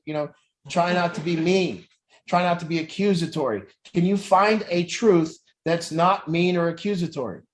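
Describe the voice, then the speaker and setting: A man who works as an addiction recovery coach, talking bluntly and intensely about truth in families and swearing often. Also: fairly high pitch. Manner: profane, intense, preachy. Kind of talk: blunt motivational talk.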